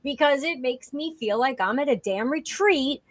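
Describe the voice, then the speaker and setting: A woman's voice: high-pitched, expressive, normal speed, dry recording. A woman co-hosting a podcast in casual chat, blunt and playful, with mild swearing. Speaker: podcast co-host.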